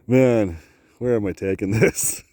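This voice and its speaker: A man rambling to his camera outdoors on a cold high lookout, laughing often and talking to himself. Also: unhurried, a little mellow, dry recording. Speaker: vlogger. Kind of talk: casual rambling vlog.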